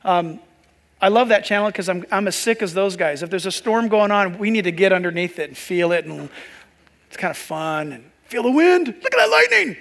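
Male pastor, very high voice, chatty sermon, long hall reverb. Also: moderate pace, fairly bright tone. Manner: conversational, joking asides to the congregation.

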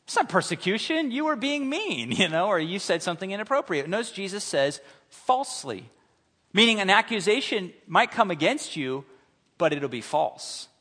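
A man preaching a sermon in a church, animated and humorous, acting out little scenes. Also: sits high, moderate pace, husky, big-room sound. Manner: animated, humorous, acts out voices. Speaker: pastor. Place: church sanctuary.

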